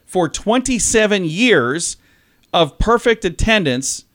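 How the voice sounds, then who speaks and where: A man co-hosting a radio talk show, telling a news story in a chatty, animated way. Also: high voice, slow. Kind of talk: casual radio chat.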